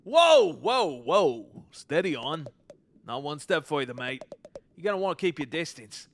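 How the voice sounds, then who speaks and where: A man's voice: on the high side, big pitch swings, unhurried, vocal fry, heavily acted. A man voicing a gloomy loner male crab who talks brusquely in sailor slang in a video game. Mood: gruff.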